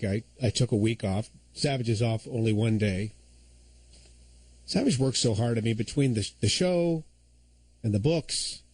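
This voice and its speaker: A man's voice: medium pitch, darkish tone, no room sound, poor audio. Opinionated male talk radio host. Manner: opinionated, conversational storytelling.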